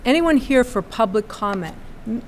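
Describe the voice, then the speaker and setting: A woman chairing a town board meeting, brisk and procedural as she moves through the agenda. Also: on the high side, lively intonation, slight background noise.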